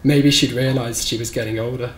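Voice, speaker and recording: A man reading his own short story aloud at a live bookshop event, in a measured, somber storytelling manner. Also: medium pitch, fairly even intonation. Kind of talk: live reading of literary fiction. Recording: roomy live recording with faint background noise.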